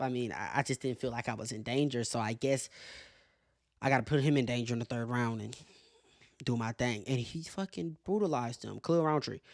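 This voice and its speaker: A mid-range male voice, recorded at studio quality with no echo, hosts a casual sports commentary show. He's animated and profane, laughing often as he makes his case.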